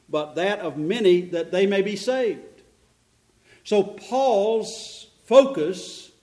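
A middle-aged male pastor preaching a sermon, telling stories and asking and answering his own questions. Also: high-pitched.

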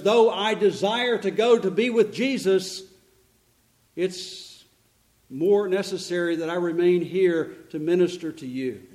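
High-voiced preaching man. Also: darkish tone. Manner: storytelling preacher, rhetorical questions and answers. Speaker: pastor. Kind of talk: sermon.

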